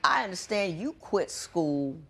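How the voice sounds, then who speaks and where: A woman's voice: fairly low pitch, big pitch swings, measured pace, bright, forceful tone, slight background noise. A woman presiding as judge on a courtroom TV show, asking pointed questions and scolding bluntly.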